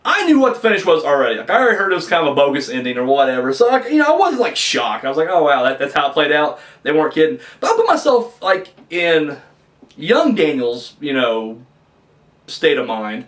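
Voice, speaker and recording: A young man talks through an old wrestling match in a casual, profane rant. His voice sits high and jumps around a lot. He is set back from the microphone in a roomy, echoing space. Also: a little fast, distant mic. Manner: ranting, profane, animated. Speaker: wrestling review host. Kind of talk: casual review commentary.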